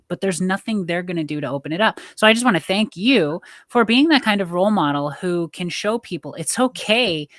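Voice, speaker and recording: Earnest woman guest, low and dry. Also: no room sound. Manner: earnest, open and reflective. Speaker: podcast guest. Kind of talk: casual interview chat.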